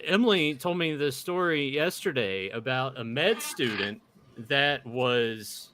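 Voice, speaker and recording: A man's voice: medium pitch, animated, a little slow, pushed and bright, slight background noise. A man hosting a casual podcast chat, teasing his guests and steering the discussion. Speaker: podcast host.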